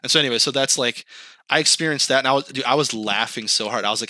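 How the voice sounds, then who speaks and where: Bright-voiced young man telling a story. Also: mid-range voice, quick pace, no room sound. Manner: animated storytelling, acting out quotes, swearing and laughing. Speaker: podcast host. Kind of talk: casual chat.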